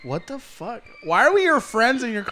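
A man's voice: very high voice, sing-song, moderate pace, music in the background. A young man hosting a casual joking chat, teasing and swearing, laughing often. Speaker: host.

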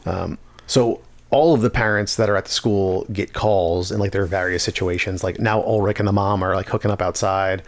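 A man's voice: low-pitched, steady tone, moderate pace. A man co-hosting a podcast, recapping a TV episode in a laid-back way with many fillers. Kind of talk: casual chat.

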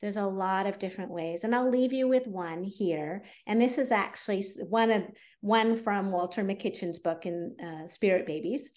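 A woman's voice: medium pitch, normal speed, few pauses, a little mellow. Woman, podcast guest, fertility coach, earnest, conversational, explaining. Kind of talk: podcast interview.

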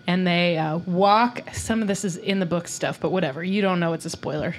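A woman's voice: fairly low pitch, brisk, hardly any pauses. Chatty, rambling woman co-host. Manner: rambling, laughing, lots of "like". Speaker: podcast co-host. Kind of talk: casual comedic chat.

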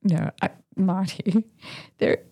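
A woman, a podcast co-host, playing a wary woman fugitive in witness protection in an improvised comedy skit, speaking in a hushed, half-whispered, teasing way. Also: medium pitch, fairly even intonation, slow, no room sound. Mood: skeptical.

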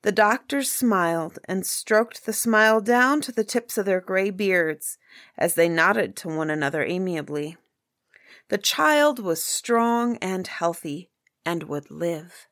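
Woman, storybook narration, unhurried, lilting, dry close recording. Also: mid-range voice, animated, fairly bright tone, no room sound. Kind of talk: storybook reading.

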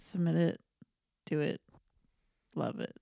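A woman's voice: deep voice, slow, vocal fry, dark tone. A young woman from California co-hosting a podcast, playful and teasing in casual chat, often giggling. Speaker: podcast co-host.

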